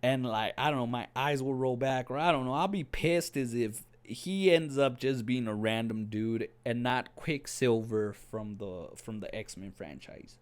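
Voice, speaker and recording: A man giving a casual, excitable review of a TV episode, rambling and slangy, often saying "dude". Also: mid-range voice, a little slow, hardly any pauses, clean tone. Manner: excitable, with many restarts.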